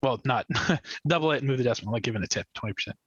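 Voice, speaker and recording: A man's voice: mid-range voice, rapid-fire, breathy edge, dry recording, dull audio. A man playing a tabletop mech game, casual and joking as he works out his moves. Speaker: player.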